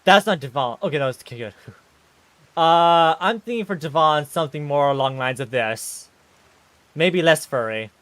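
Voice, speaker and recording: Excitable ranting male streamer, close and dry. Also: a little high, moderate pace, no room sound. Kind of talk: casual live-stream commentary.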